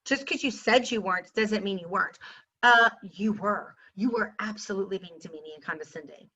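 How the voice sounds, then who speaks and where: Woman, storytime vlogger, indignant and sarcastic; bright tone, dull home-recorded sound. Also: medium pitch, brisk, breathy edge. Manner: sarcastic, indignant, talks straight to viewers. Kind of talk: storytime rant to camera.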